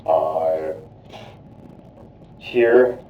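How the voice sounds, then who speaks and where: Speaking extremely slowly, the deep-voiced man being interrogated about a murder keeps looping back over his story, filling it with "you know, like." The low-fi audio has slight background noise, and he sounds distant in a reverberant room.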